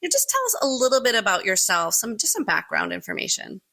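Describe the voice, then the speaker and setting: A woman podcast host with a bright, gravelly edge to her voice. She talks in an enthusiastic, chatty way and keeps agreeing with her guest. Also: a little high, huge pitch swings, fast. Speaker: podcast host, Pilates teacher. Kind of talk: conversational interview.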